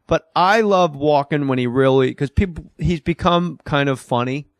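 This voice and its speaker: A man chatting on a podcast, telling animated stories and dropping his voice as he recalls anecdotes. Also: moderate pace, no room sound, studio quality. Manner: animated storyteller with sudden pitch drops. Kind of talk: casual podcast chat, storytelling.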